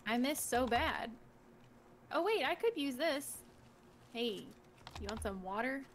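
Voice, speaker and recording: A woman with a slightly high voice chats through a live game stream, playful and teasing, giggling at her friends. Her mic picks up a faint background hum. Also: animated, slow. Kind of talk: casual gaming chat.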